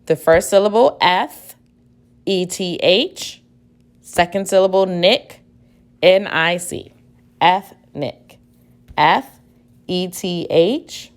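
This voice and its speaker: A woman teacher giving a spelling dictation lesson, speaking deliberately, repeating each word and spelling it out letter by letter. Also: on the low side.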